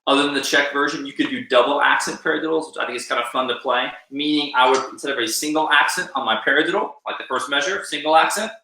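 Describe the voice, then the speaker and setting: A man's voice: on the high side, fast, few pauses, pushed and bright. A man teaching a live online drum lesson, counting beats aloud and encouraging his students. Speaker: percussion instructor. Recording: echoey room with drumming behind.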